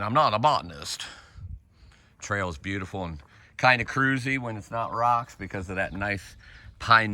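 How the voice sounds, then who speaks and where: A man narrating his thru-hike on camera as he walks a forested mountain trail, rambling and laughing at himself, sometimes quieter and further from the mic. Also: lowish voice. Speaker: thru-hiker vlogging the trail. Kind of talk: casual trail vlog narration.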